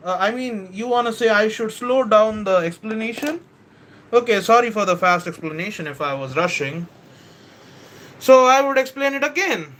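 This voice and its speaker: A man with a voice that sits high runs a live stream, reading viewer comments aloud and walking through a software model. He keeps saying "bro" and "kindly," and his casual teaching is full of self-corrections and hesitant restarts.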